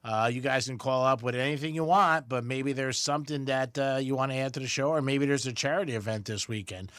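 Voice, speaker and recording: A man co-hosting a radio show in a studio, upbeat and quick with joking asides. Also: medium pitch, fairly bright tone, dry recording. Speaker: radio co-host. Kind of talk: casual radio chat.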